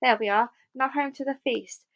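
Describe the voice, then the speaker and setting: A cheerful, clever male fox, played by a woman reading aloud, lively and fond of humming and singing as he goes. It is a storybook voice, raised higher than the narration and read close to the microphone. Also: moderate pace, dull audio. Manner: cheerful, sing-song.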